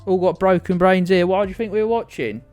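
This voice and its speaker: A man doing a mock-gruff impression of a blunt, dismissive friend from his chat, swearing and brushing him off. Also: high voice, fast, darkish tone, soft background music, pitched above the performer's own voice, close to an everyday voice.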